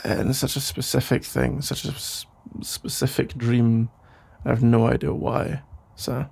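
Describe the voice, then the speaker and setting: Brief: gravelly, husky rambling boyfriend, played by a man, soft sleepy whispered role-play. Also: medium pitch, flat delivery, unhurried, full character voice. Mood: teasing. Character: caring, rambling boyfriend putting partner to bed. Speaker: ASMR role-play creator.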